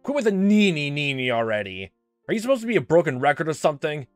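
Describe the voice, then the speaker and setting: A man's voice: a little high, sing-song, fast talker, no echo, studio quality. A man voicing a cruel, hot-tempered grown man in a game reading, threatening and snarling, with faint music behind. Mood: raging.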